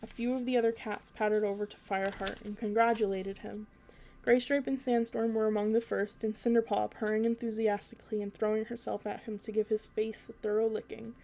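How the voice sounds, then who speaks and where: A woman reads a children's book aloud for a storytelling podcast, keeping an even delivery apart from an occasional slip and restart. Her medium-pitched voice is a little fast and creaky.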